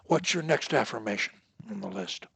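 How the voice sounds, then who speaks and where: A man's voice: on the low side, animated, normal speed, vocal fry, fairly bright tone, husky, no room sound. A man coaching a student one-on-one over a video call, emphatic and fond of repeating his key points. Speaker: speech coach.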